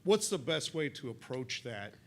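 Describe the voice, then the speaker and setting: A man in the audience of a convention panel, earnestly and quickly asking a question with self-deprecating asides. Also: mid-range voice, very animated, darkish tone, slight background noise.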